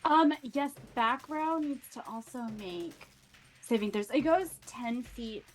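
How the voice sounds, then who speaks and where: A woman playing in a tabletop game, excitable and casual, swearing now and then. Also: high voice, takes it slowly. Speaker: player.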